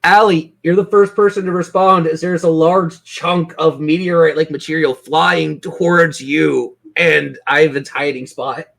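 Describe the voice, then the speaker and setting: A game master running a tabletop session in a mid-pitched voice. The delivery is playful and full of laughter, and it slows down and stretches out the dramatic narration. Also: steady tone, gravelly, fairly bright tone.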